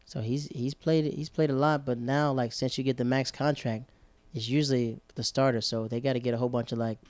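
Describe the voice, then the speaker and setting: Brief: chatty male co-host, rambling talk, mid pitch, dry close mic. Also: steady tone, fairly quick, a little mellow, no echo. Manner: rambling, chatty, self-correcting. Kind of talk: casual chat.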